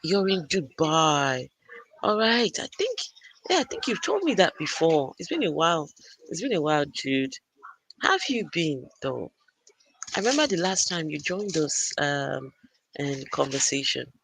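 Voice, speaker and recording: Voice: medium pitch, big pitch swings, a little slow, vocal fry, a bit bright, breathy edge, low-quality recording. An adult parent hosting a casual live stream from a gaming arena computer, chatting and greeting viewers by name. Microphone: arcade computer, no camera.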